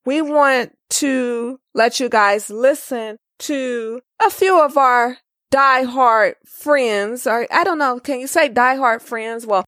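A woman's voice: fairly high pitch, slow pace, fairly bright tone, no room sound, studio quality. A woman co-hosting a casual racing podcast, chatting and reading listener comments aloud. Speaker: podcast co-host.

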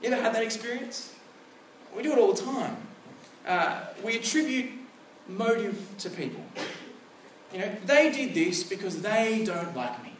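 A pastor in his thirties preaches with a high, lively voice. He tells stories from everyday life in a relaxed, chatty way. His voice carries from a distance across an echoey hall, with a faint hum of room noise behind it. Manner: conversational, storytelling with animated asides. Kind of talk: sermon.

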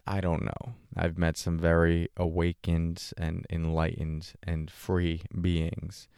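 A man's voice: low voice, creaky, darkish tone, smooth, no echo, clean studio sound. A man giving a reflective spiritual talk as a meditation teacher, asking questions and voicing a listener's doubts in a raised tone.

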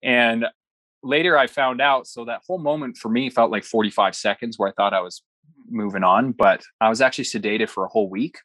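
A young man, a guest in an interview, telling a personal story with earnest, animated delivery and quoted dialogue. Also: medium pitch, brisk, dry recording.

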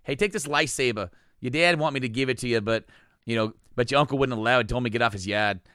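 A man's voice: mid-range voice, fast, bright, forceful tone, clean tone, dry recording, natural voice. A man voicing a brash man with a Boston accent who hands over a lightsaber, in a loose, jokey way. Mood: joking.

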